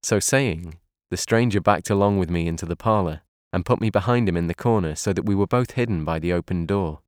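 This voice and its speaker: Deep-voiced male audiobook narrator. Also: no echo, studio quality. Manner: calm, measured reading.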